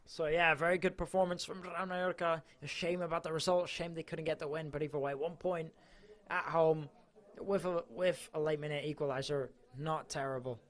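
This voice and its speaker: A man's voice: on the high side, fairly even intonation, normal speed. A man reporting for a club channel, giving chatty, enthusiastic live match coverage.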